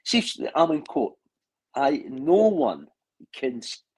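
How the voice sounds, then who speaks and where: A man's voice: medium pitch, big pitch swings, slow pace, slightly rough, poor audio. A man in a casual online chat, talking in long rambling stretches with frequent restarts and blunt swearing. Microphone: video call.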